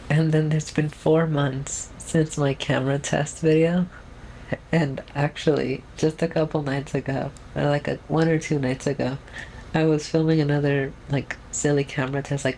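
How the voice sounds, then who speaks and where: Talking to the camera by herself at home, this young adult vlogger rambles casually through an update, restarting often and leaning on fillers. Her trained feminine voice is mid-range, gravelly and a little mellow, delivered flatly at a measured pace. The recording is low quality, with a slight hiss or hum.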